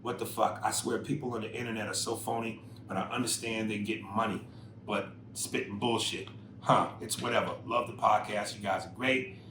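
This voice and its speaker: A man co-hosting a casual podcast, reading listener emails and riffing on them in a profane, animated way that jumps loud and high when he makes a point. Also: moderate pace. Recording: roomy echo with faint noise.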